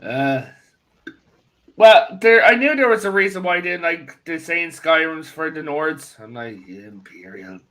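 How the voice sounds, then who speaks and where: A man's voice: on the high side, measured pace. A man with an Irish accent chatting casually, telling jokey stories. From Ireland. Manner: joking, animated storyteller. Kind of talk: casual chat.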